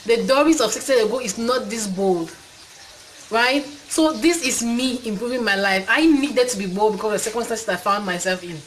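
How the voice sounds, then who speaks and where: A woman's voice: on the high side, moderate pace, a little hiss or hum, rough recording. A young woman with a Cameroonian accent, chatting casually and upbeat to camera as the host of her channel, full of fillers. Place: indoors, talking to camera.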